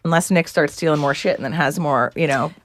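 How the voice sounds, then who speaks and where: A woman's voice: deep voice, brisk. A woman co-hosting a casual podcast, telling a childhood story with lots of acted-out quotes and laughter. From Curacao. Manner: animated storyteller, acts out quotes, laughs often. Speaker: podcast co-host. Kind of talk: casual chat.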